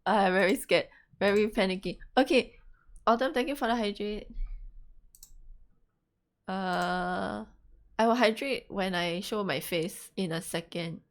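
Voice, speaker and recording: Flustered woman streamer, unhurried. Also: medium pitch. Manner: flustered, laughing through tech troubles. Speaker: stream host. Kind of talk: casual live-stream chat.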